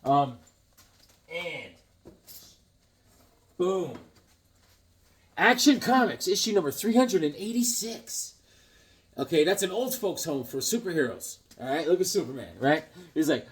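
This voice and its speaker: A tired, middle-aged man talks through his old comic books in a loose, rambling way, cracking jokes as he goes. His voice sits a bit high for a man. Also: animated, unhurried, long pauses. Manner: rambling, joking, reads comic lines aloud. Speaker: comic book collector vlogger. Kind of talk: casual show-and-tell chat.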